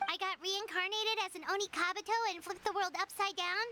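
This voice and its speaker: A woman voicing a small, excitable fairy companion in a game who talks about herself in the third person. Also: brisk, noisy background. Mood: excited. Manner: high, bouncy, speaks of herself in third person. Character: tiny chirpy floating fairy companion, excitable. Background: game music.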